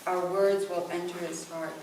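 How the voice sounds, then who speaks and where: A woman voicing an old woman who speaks softly and soothingly, heard from far off in a very echoey room. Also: fairly low pitch, flat delivery, moderate pace, background noise, natural voice. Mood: soothing hush. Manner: soft, hushed, soothing. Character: old woman whispering loving comfort. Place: small indoor performance venue. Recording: echoey live stage from far off.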